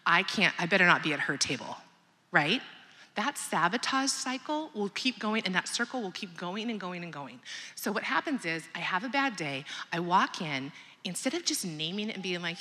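A woman's voice: on the low side, expressive, normal speed, pushed and bright. A woman in her thirties giving a candid, conversational motivational talk to a mothers' group, often asking the audience questions. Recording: long hall reverb.

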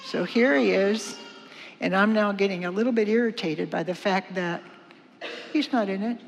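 An older woman giving a church talk, teaching and acting out scenes in a lively, dramatizing way. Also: mid-range voice, normal speed, creaky, a little hiss or hum. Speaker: church speaker. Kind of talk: teaching talk with acted-out skit. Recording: long reverb of a large hall.

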